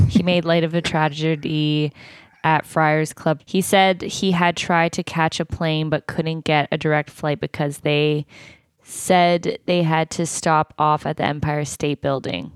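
A woman's voice: low voice, smooth, dry recording, studio quality. A woman co-hosting a podcast in casual chat, playful and full of questions. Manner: playful, laughs often, asks lots of questions. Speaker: podcast co-host.

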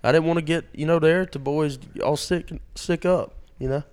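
A man's voice: fairly high pitch, darkish tone, smooth. Rambling man telling stories. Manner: rambling, drawn-out storytelling with many fillers. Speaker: podcast co-host. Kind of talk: casual storytelling chat.

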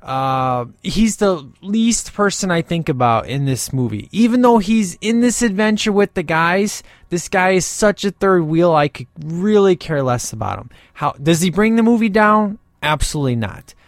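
A man's voice: high-pitched, lively intonation, moderate pace, few pauses, dry recording, clean studio sound. Rambling man reviewing a movie. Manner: rambling, many fillers like "you know". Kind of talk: casual video commentary.

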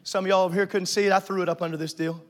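Man, preacher, sermon, church sanctuary, high voice, fervent, rises to shouts, banters with the congregation. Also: little pitch movement, very fast.

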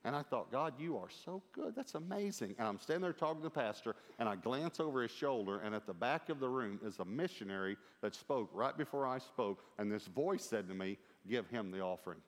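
A middle-aged man preaching a sermon, telling a lively story with quoted dialogue and humor. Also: lowish voice, a little fast, few pauses. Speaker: pastor. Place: large church auditorium. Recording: long hall reverb.

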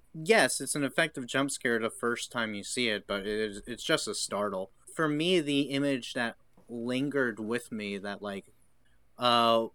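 A man's voice: mid-range voice, pushed and bright, no echo. A man co-hosting a casual film discussion, thoughtful and digressive, acting out quoted lines. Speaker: podcast co-host.

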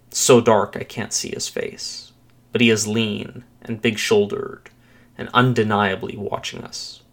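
A man with a fairly low voice reads a first-person thriller aloud, steady and measured. His delivery is deliberate and dramatic without rushing, keeping the tension in the telling. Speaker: narrator. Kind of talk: scripted narration of a first-person thriller story.

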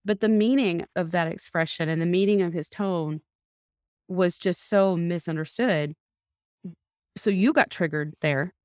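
A woman's voice: lowish voice, unhurried, a little mellow, clean tone, dry recording, clean studio sound. A woman hosting a podcast, coaching a couple step by step and repeating back what she hears from them. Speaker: couples therapist and podcast host.

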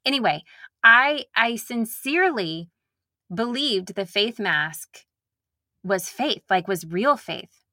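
A woman's voice: medium pitch, lively intonation, slow, bright, forceful tone, no room sound, studio quality. A woman from Nashville talking candidly and earnestly to her listeners in a casual, reflective monologue. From Nashville, Tennessee. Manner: slips into mocking impressions of herself.

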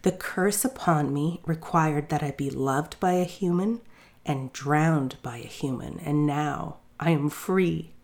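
A woman's voice: low-pitched, slow, a little mellow. A woman voicing a dainty enchanted mouse bride. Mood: tender. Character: dainty enchanted mouse bride, young female, gentle and poised.

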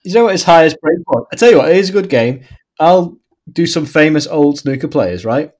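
A man's voice: a little high, expressive, fairly quick, darkish tone. A man in casual chat, joking around and quizzing his friend.

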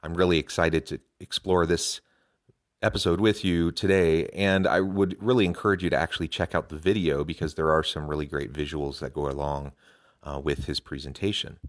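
A man's voice: very deep voice, steady tone, fairly quick. A man hosting a podcast, talking earnestly and enthusiastically about a talk, with some fillers and restarts. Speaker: podcast host. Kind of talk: podcast commentary.

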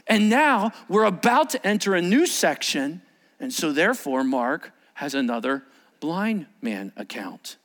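A male pastor preaching a sermon, acting out the quotes he reads with loud shouts. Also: a little high, unhurried. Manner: animated, acts out shouted quotes.

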